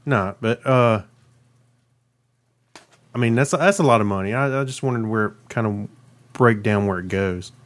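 A man's voice: on the low side, a little slow, long pauses. A man co-hosting a casual podcast, joking and hesitant with frequent restarts. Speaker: podcast co-host.

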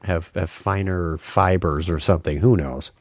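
A man's voice: low-pitched, steady tone, normal speed, no echo, clean studio sound. A man hosting a podcast in casual chat, joking and ranting. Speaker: podcast host.

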